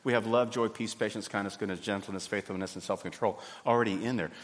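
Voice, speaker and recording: A man, preaching a sermon in a folksy, animated way. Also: on the low side, fast talker. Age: 50s. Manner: folksy, animated, acts out little scenes. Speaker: pastor. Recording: hall reverb.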